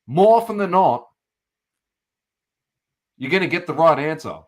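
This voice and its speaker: A man's voice: a little high, lively intonation, unhurried. A man co-hosting a casual podcast, ranting emphatically and repeating his points. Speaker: podcast co-host. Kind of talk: casual chat.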